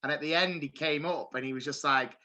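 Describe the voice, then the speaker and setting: A man's voice: a little high, fairly quick, pushed and bright. A man with a British accent co-hosting a podcast, jokey and chuckling in casual chat. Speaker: podcast co-host.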